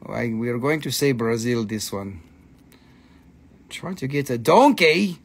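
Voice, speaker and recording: He speaks a little slowly with long pauses, in a creaky mid-range voice with a breathy edge, while hosting a live mineral sales stream. Excitable and profane, he jokes with viewers and keeps the chat casual.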